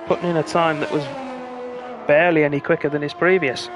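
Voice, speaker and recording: A man commentating live on an online racing stream, calling the action in a brisk play-by-play manner. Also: on the high side, noisy background. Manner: brisk play-by-play, rising excitement at close finishes. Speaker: lead commentator.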